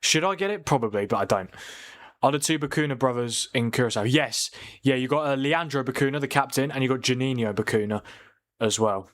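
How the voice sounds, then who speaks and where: Young guy, chatty watchalong streamer, mid-pitched, easygoing. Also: fairly quick, a bit bright. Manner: chatty, reads viewer comments aloud, laughs often. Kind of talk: casual live-stream commentary.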